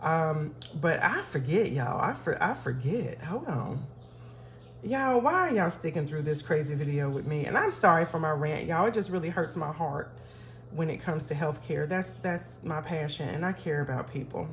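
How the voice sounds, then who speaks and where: A woman's voice: low voice, animated, normal speed, a little hiss or hum. A woman, talking casually to her viewers while counting cash for her budget. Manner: chatty, talks to viewers as y'all, counts aloud. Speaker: budgeting vlogger.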